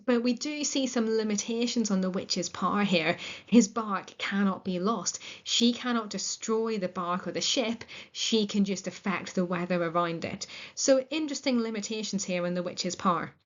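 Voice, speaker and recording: A woman's voice: medium pitch, moderate pace. A woman teaching a literature lesson, explaining a play in a chatty way and paraphrasing its lines in modern words. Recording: muffled lo-fi recording.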